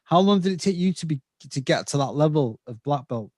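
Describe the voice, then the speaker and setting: A man's voice: a little high, expressive, a little fast, darkish tone, no room sound, studio quality. A man hosting a podcast interview, talking enthusiastically and stumbling over repeated words. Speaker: podcast host. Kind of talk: interview conversation.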